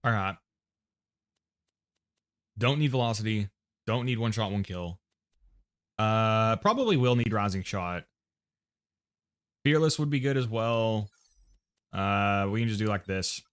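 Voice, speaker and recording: A man's voice: lowish voice, animated, measured pace, long pauses, smooth. A man with an American accent casually talking to himself and reading chat while setting up a game loadout on a livestream. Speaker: streamer.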